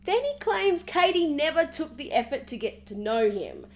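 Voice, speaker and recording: A woman recapping a reality TV episode in an animated, sarcastic, gossipy way, often mimicking the people she talks about. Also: high-pitched, moderate pace, a little hiss or hum.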